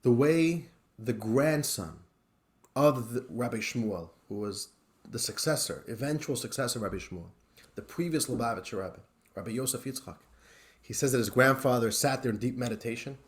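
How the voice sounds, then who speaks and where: A man, a rabbi, giving a weekly Torah lesson as an animated storyteller who swings between loud and hushed. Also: medium pitch, normal speed.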